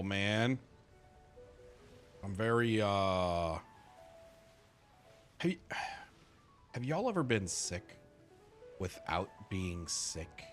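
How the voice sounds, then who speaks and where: A man's voice: fairly low pitch, expressive, drawn-out words, pauses often, faint music behind. A man who is a gaming streamer chatting casually, tired, yawning and congested, rambling with frequent restarts and swearing.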